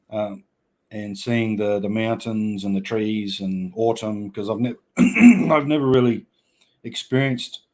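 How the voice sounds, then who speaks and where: Laid-back Australian bloke chatting live. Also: male voice, medium pitch, darkish tone. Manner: laid-back, laughs often, blokey slang. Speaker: livestream host reading chat. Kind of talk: casual live chat.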